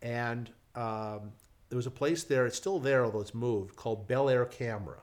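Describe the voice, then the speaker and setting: An older man spinning anecdotes in casual conversation. He is animated and often restarts with repeated words as he builds toward a punchline. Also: mid-range voice, moderate pace. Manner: animated, repeats words when starting sentences. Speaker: guest storyteller. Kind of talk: casual chat, telling anecdotes.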